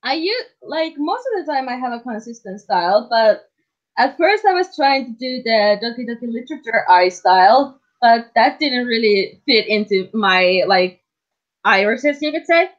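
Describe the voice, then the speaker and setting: A woman's voice: a little high, animated, moderate pace. A woman chatting casually on a livestream while she draws, playful and teasing, laughing often. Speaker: streamer and animator. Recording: dull lo-fi stream audio.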